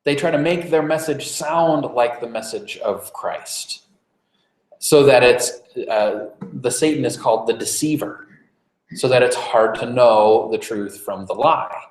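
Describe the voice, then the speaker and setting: A man's voice: medium pitch, measured pace. Man preaching in an echoey room. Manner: informal, frequent fillers and restarts. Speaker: pastor. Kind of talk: conversational sermon. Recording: roomy, echoey church room.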